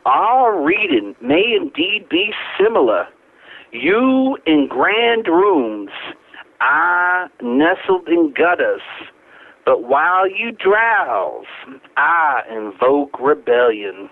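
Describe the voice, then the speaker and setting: A man's voice: fairly high pitch, sing-song, drawn-out words. A man from Kentucky with a Southern accent, reading a grandiloquent poem aloud as a caller. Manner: grandiloquent recital with a put-on Southern drawl. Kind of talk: dramatic poetry reading, then casual chat. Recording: tinny phone line.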